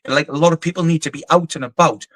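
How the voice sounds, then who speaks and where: Fast-talking blunt man. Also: a little high, fairly even intonation, fairly bright tone, no room sound. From England. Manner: rambling, blunt, swears often. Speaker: guest. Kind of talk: casual interview chat. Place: offshore quarters.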